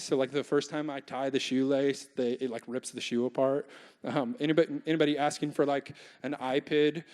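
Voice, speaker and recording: A man's voice: mid-range voice, steady tone, a little fast, darkish tone. A young adult man preaching a casual, humorous sermon as a pastor, often asking the congregation questions. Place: large church hall. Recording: long church reverb.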